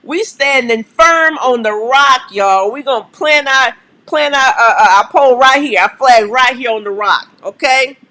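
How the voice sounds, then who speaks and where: Host brief: a woman with a bright, forceful voice, preacherly call-and-response cadence, coaxing viewers on a live stream. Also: high-pitched, unhurried. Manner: emphatic, repeats "okay?" and "come on", coaxing the audience.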